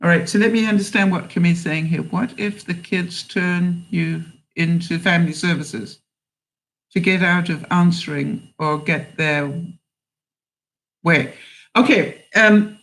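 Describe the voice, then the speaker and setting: A woman's voice: lowish voice, measured pace, a bit bright, rough recording. A woman talks straight to her viewers, giving frank advice in a casual way. She laughs often and acts out what she would say to people. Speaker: vlogger answering viewer questions.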